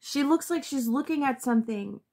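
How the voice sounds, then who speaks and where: A woman's voice: high voice, animated, moderate pace, darkish tone. A woman giving a casual tarot reading to her viewers, blunt and sometimes profane, thinking aloud and restarting her sentences. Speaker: tarot reader.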